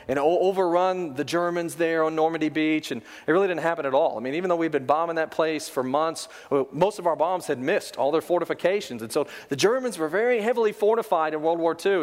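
A man's voice: high-pitched, big-room sound. A male pastor preaching a sermon, building to emphatic exhortations.

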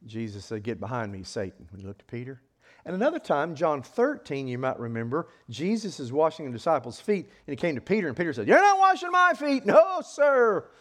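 A man preaching a sermon in an animated way, acting out voices with sudden loud outbursts. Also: medium pitch, fast talker.

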